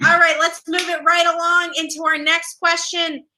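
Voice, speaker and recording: A woman hosting a quiz show, bubbly and playful as she reads out questions quickly. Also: extremely high pitch, flat delivery, bright, forceful tone, slight background noise, poor audio. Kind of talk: upbeat game show hosting.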